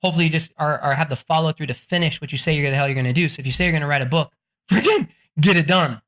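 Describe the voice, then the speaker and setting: A man talking as a podcast guest, animated and energetic, swearing freely and laughing as he talks. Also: a little high, very fast. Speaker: podcast guest, book coach. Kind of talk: energetic, profane interview talk.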